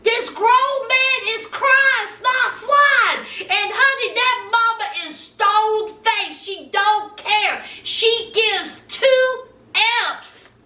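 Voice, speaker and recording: Speaking extremely slowly in a very high, bright, forceful voice, a woman laughs through a sassy TV recap and calls her viewers "honey." She's recorded far from the mic in an echoey room.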